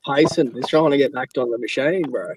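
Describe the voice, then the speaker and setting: A man chatting on a live stream call, relaxed and swearing, with plenty of fillers. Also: medium pitch, fairly quick, background noise. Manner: laid-back, swearing, trails off with fillers. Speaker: guest on call. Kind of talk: casual chat.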